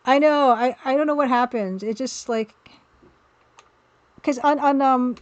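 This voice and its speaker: A woman's voice: sits high, a little slow, lo-fi sound. A woman hosting a casual live stream, chatting and rambling to her viewers and laughing often. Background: faint music from a record player.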